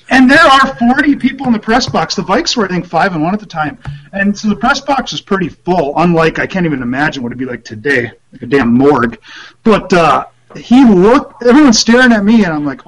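Man telling a story, slightly high voice. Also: big pitch swings, brisk, fairly bright tone, low-quality recording. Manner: rambling, lots of fillers and restarts, laughs at himself. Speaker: guest, former team writer. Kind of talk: casual storytelling on a podcast.

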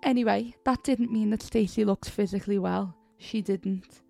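Gravelly woman narrating a horror story. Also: mid-range voice, fairly even intonation, normal speed, mellow, faint music behind. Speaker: podcast host and story reader.

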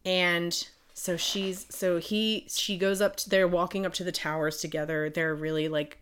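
A woman's voice: lowish voice, little pitch movement, normal speed, a bit bright, slight background noise. A woman co-hosting a podcast, casually and animatedly retelling a book's plot and acting out the characters' lines. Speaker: podcast co-host. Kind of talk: casual book review chat.

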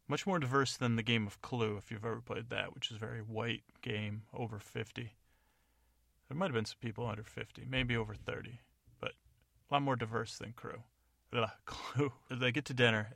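A man's voice: medium pitch, vocal fry, bright, forceful tone, no room sound, studio quality. A man hosting a podcast, telling a meandering bedtime story with many digressions and fillers. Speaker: podcast host.

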